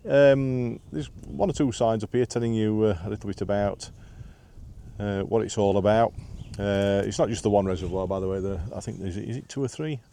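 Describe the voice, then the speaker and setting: A warm, lowish male voice belongs to a vlogger narrating a casual walk on a windy hillside path. He's out of breath after climbing and rambles on chattily, filling gaps with "uh" and making self-deprecating comments.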